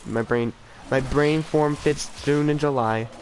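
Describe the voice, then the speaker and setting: A man's voice: fairly high pitch, steady tone, unhurried, a little hiss or hum, low-quality recording. A teenage boy chatting casually on a game stream, rambling and self-deprecating, often trailing off and restarting. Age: teens. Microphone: desk mic for streaming.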